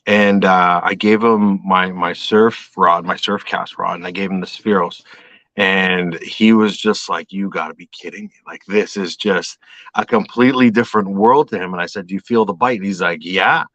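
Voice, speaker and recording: A man's voice: deep voice, moderate pace, dry recording. A man from Canada, a guest on a show, chatting casually and acting out the voices in his stories. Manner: animated storyteller, acts out voices. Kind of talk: casual chat. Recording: dull dry call audio.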